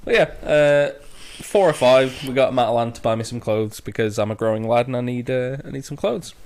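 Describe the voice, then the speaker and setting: A man's voice: medium pitch, a little fast, a little mellow, clear, resonant tone. A young British man co-hosting a podcast, telling stories in a laid-back, jokey way during casual chat. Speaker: podcast co-host.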